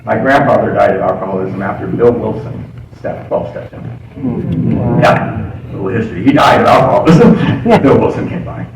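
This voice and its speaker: A man's voice: lowish voice, animated, normal speed. An older man telling his recovery story to a meeting, humorous and laughing often at his own lines. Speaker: AA speaker. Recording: echoey hall recorded from far off, with noise.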